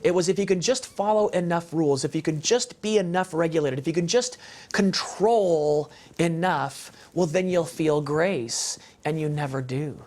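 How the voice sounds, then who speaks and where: A guest on a parenting show, this man has a somewhat high, slightly mellow voice and keeps a moderate pace. He tells a heartfelt faith testimony with passion, speaking conversationally with fillers and restarts and repeating phrases for emphasis.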